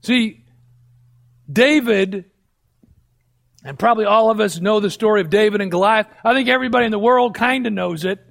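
A man with a very high, gravelly voice delivers a sermon. He preaches emphatically, posing questions and answering them himself, and at times drops to a low hush. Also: normal speed, long pauses.

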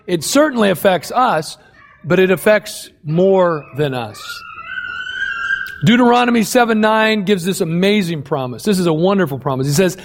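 A man preaching a sermon, emphatic and repeating key phrases for effect. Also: high-pitched. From United States. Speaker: pastor.

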